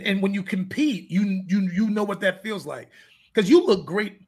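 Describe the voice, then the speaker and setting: High, gravelly man with a lively voice. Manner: animated storyteller who acts out dialogue. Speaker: fitness coach. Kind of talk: casual chat.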